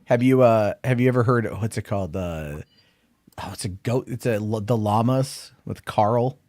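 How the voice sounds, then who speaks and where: A man's voice: on the low side, normal speed, a little mellow, dry recording, studio quality. A man co-hosting a casual livestream chat, teasing and rambling. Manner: teasing, rambling, swears freely. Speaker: podcast co-host.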